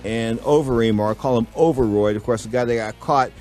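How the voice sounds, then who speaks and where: A man hosting a radio talk show, telling rambling, animated stories to his co-host and listeners. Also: mid-range voice, brisk, faint music behind.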